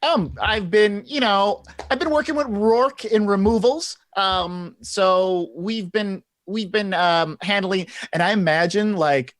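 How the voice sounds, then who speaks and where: A man's voice: high-pitched, slow, hardly any pauses, a bit bright, dry recording. A man playing in a tabletop game, chatting casually, rambling and laughing often. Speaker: player.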